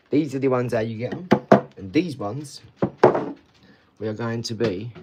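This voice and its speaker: A man's voice: fairly low pitch, heavy background noise. A man hosting a casual livestream, talking to viewers in a chatty, rambling way and often repeating himself. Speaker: livestream host.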